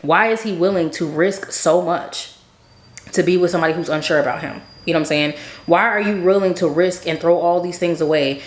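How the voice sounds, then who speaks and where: A woman casually telling a story about a dream, animated, acting out both sides of the conversation. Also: on the low side, a little fast, echoey room. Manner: animated, quotes herself and others, laughs often.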